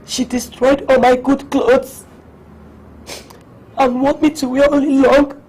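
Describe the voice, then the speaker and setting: An actress playing a poor, humble palace maid who speaks in a timid, deferential, pleading way. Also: female voice, high-pitched, darkish tone, breathy edge, heavily acted.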